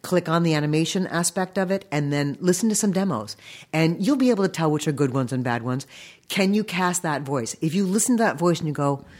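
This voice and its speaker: An experienced animation voice director in middle age, talking in an emphatic, lively way. Gives practical advice in an interview. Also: medium pitch, fairly quick.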